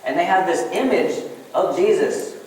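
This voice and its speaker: A man's voice: high-pitched, lively intonation, normal speed, darkish tone. A man giving a sermon as pastor, casual and chatty, telling a joke story and talking to the congregation as "guys.". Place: church sanctuary. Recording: echoey church hall from far off, faint room noise.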